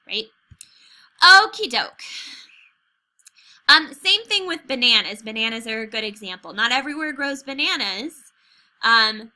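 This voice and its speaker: A woman's voice: on the high side, sharp tone. An American woman teacher giving a chatty recorded video lesson over slides, checking in with "okay?" and "right?" as she goes.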